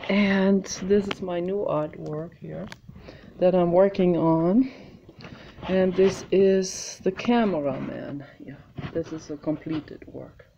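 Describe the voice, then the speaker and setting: Meandering woman host, slow and mellow, muffled home recording. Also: lowish voice, gravelly. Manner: meandering, chatty, thinks aloud. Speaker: video host showing her art. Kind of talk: casual rambling home video. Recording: slightly muffled, faint hiss.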